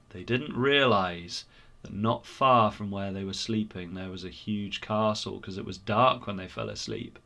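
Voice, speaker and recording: Male church storyteller for children; bright, expressive, unhurried. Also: mid-range voice, creaky. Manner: animated, expressive.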